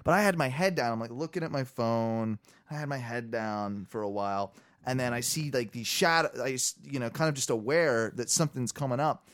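A man's voice: medium pitch, fairly quick, dry recording, clean studio sound. Rambling, profane podcast guy. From Orlando area, Florida. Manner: rambling storytelling, loose and profane. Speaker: podcast co-host. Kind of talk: casual chat.

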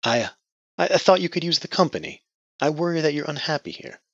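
A man's voice: medium pitch, big pitch swings, a little fast, bright, forceful tone, slightly rough, no room sound, muffled recording, pitched above the performer's own voice, full character voice. A man voicing a timid, eager-to-please young woman who stammers and hesitates. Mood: anxious.

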